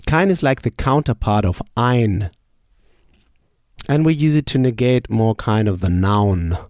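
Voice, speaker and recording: A man teaching German verbs, asking each question, pausing, then saying the answer slowly and clearly. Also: on the low side, a little mellow, dry recording, clean studio sound. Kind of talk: slow drill lesson.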